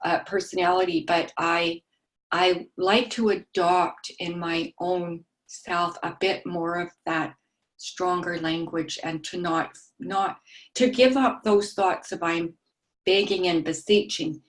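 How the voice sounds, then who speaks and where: Soft-spoken woman, low and unhurried. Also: fairly even intonation. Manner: soft-spoken, halting with many ums; describes herself as meek and mild. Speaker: study group member. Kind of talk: sharing in an online study group.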